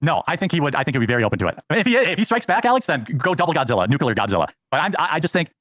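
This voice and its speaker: Guy guest pleading his case super fast, kinda high voice, dry sound. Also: big pitch swings, a bit bright, no room sound, dull audio. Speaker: guest on a talk show. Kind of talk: earnest conversation.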